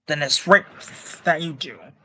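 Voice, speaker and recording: A man reading the part of a kindly, proud old farmer father in a plain gentle way. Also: fairly high pitch, a little slow, exaggerated voice.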